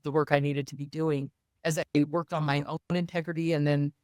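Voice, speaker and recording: A woman with a low-sitting voice speaks briskly as an interview guest, earnestly sharing a personal story. She animates it by voicing what others said. The audio is dry and studio quality.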